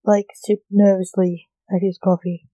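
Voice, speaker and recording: A woman reads a homemade adventure story aloud, slow and deliberate. Her voice is mellow and soft-edged, and the recording is close and completely dry. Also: mid-range voice, level tone, no echo, poor audio.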